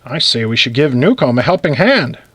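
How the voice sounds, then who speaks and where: A man voicing an old, limping uncle who is gruff, feisty and blustery. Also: medium pitch, sing-song, fairly quick, a bit bright.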